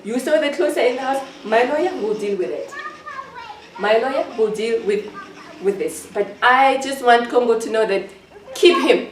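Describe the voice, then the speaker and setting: A woman's voice: fairly high pitch, animated, moderate pace, roomy sound, distant mic, slight background noise. A woman giving an emotional personal account in an interview, hurt and indignant, often repeating herself.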